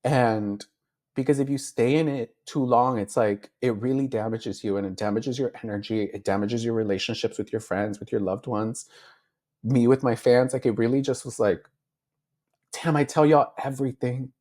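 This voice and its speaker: A man's voice: mid-range voice, fairly even intonation, normal speed, a little mellow. A beauty influencer, a man, speaking as an interview guest, telling his story in a heartfelt way with many fillers and acting out his own past thoughts. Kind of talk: candid emotional interview.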